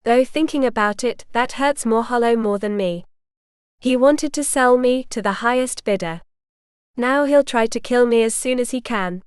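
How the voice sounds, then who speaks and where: A woman voicing a proud, stubborn young noblewoman who speaks indignantly and with a sharp tongue. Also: a little high, normal speed, clean tone, no room sound, studio quality, lightly acted.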